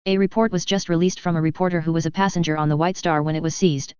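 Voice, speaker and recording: A woman's voice: deep voice, steady tone, fast, darkish tone, clear, resonant tone, no room sound, muffled recording, close to an everyday voice. A woman reading an insistent press reporter. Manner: probing, insistent. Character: pushy press reporter questioning officials.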